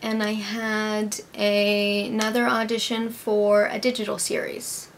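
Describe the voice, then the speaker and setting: A woman's voice: medium pitch, monotone, a little slow, a little hiss or hum. A young American woman, an actress, hosting her own vlog and chatting casually as she answers viewers' questions, upbeat and full of "like". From United States. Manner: chatty and upbeat, with frequent "like" and "I believe".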